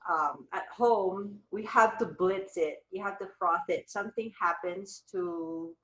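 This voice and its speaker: A woman's voice: medium pitch, a little slow, fairly bright tone, echoey room, poor audio. A woman hosting a live wellness chat over a video call, talking in a rambling, upbeat way. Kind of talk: casual chat.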